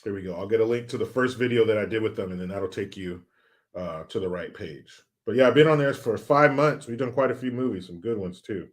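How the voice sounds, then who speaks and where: Brisk and a bit low-pitched, a middle-aged man runs a laid-back livestream, reading comments from viewers with a joking, sometimes profane looseness.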